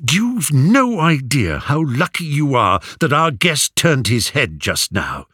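A man's voice: medium pitch, very animated, slow, bright, forceful tone, slightly rough, dry recording, clean studio sound, voice pushed up, heavily acted. A man voicing a defiant young prince in a storybook, speaking in heated threats. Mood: furious.

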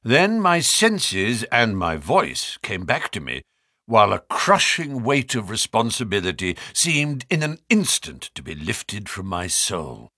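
Bright, lively male audiobook narrator. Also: lowish voice, a little slow, slightly rough, no room sound, studio quality. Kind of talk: scripted narration.

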